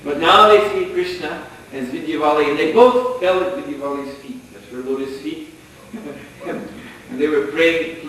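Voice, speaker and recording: A man gives a storytelling sermon, chuckling often as he narrates. His voice is a little high for a man. He sounds distant in a very echoey hall, with a faint hiss behind. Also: moderate pace, a bit bright. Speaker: lecturer. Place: lecture hall.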